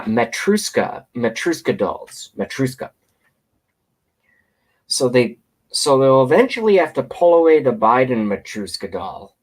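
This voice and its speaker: A man delivering a profane, rambling political rant, repeating himself for emphasis. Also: mid-range voice. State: hiccups. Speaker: political commentator. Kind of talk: ranting political monologue. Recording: outdoors, passing train nearby.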